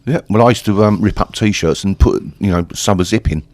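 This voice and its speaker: A man's voice: lowish voice, brisk, darkish tone, no echo. A man in his sixties with an East London accent, telling stories in a rambling, chatty way full of swearing. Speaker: interview guest, punk singer. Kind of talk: casual storytelling interview.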